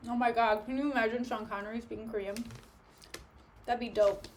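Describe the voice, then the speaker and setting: A woman's voice: fairly high pitch, fairly even intonation, brisk, a little hiss or hum. A young woman chatting casually with her live-stream viewers from home, joking and snacking between remarks. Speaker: livestreamer. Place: at home, sitting on the floor.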